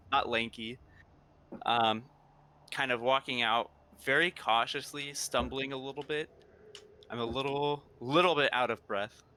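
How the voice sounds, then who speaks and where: A man's voice: mid-range voice, bright, forceful tone. A man playing a tabletop game, describing his character in a rambling, hesitant way. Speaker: player. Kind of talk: tabletop role-play, in and out of character.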